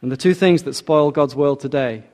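A man preaching a sermon, earnest and measured, slowing down to stress key lines. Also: a little high, a little mellow. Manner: measured, earnest, slows for emphasis.

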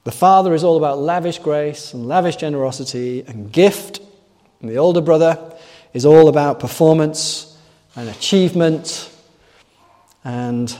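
Mellow-voiced male preacher in echoing hall. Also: on the high side. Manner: earnest, asks rhetorical tag questions. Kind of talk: sermon. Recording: long echoing hall reverb.

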